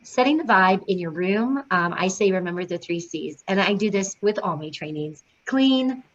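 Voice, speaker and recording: A woman's voice: mid-range voice, animated, normal speed. A woman leading a prenatal yoga teacher training, talking in a chatty way with many fillers. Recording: dull lo-fi sound with faint noise.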